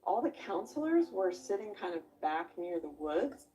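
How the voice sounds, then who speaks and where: A woman in a documentary interview recalls her time as a camper, in a reflective, halting way. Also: medium pitch, big pitch swings, mellow, recorded from a distance, low-quality recording.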